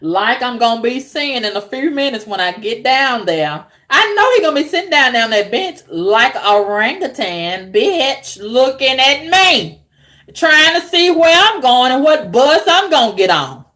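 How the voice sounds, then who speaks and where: A woman vlogger ranting to camera with profane, animated storytelling, laughing at her own jokes. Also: sits high, a little slow. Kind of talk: unscripted rant to camera.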